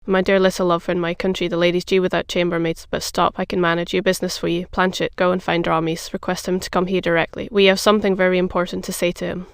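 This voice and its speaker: A narrator doing a bold young cavalier. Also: male voice, high-pitched, flat delivery, gravelly, a bit bright, smooth, no echo, studio quality. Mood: brisk. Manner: brisk and commanding. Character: young male gallant cavalier, bold and charming.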